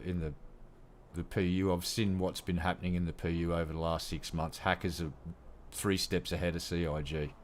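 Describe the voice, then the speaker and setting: Deep-voiced, foul-mouthed Australian man in his fifties. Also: slight background noise. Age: 50s. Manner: blunt, heavily profane ranting. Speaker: gaming vlogger. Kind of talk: casual rant to camera.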